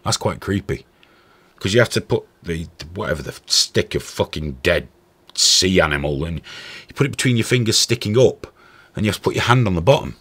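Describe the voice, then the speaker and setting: A man hosting a podcast, telling stories in a profane, animated way. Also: deep voice, a little fast, breathy edge. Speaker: podcast host. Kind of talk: casual chat.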